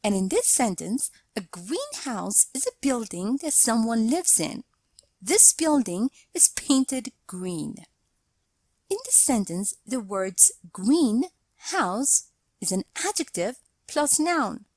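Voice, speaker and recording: A woman narrating a scripted grammar lesson, explaining slowly and deliberately and reading out example sentences. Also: a little high, very animated, darkish tone, dry recording. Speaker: English teacher.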